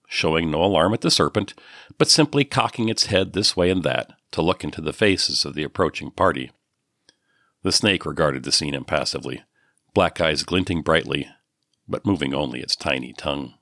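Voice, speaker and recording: A man reads an audiobook in a measured, descriptive way. His voice sits very low. The recording is dry and close, with no room sound. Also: fairly bright tone, dry recording. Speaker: audiobook narrator. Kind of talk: scripted narration.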